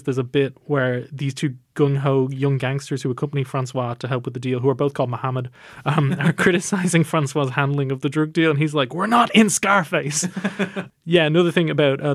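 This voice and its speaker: Fast-talking man on a film podcast. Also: medium pitch, dry recording, studio quality. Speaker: podcast co-host. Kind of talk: casual film-review chat.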